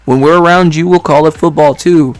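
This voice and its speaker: A man's voice: on the high side, steady tone, a little fast. A man in his twenties from Detroit, chatting casually with stream viewers in a rambling way, laughing often and filling with "like". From Detroit, United States. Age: 20s.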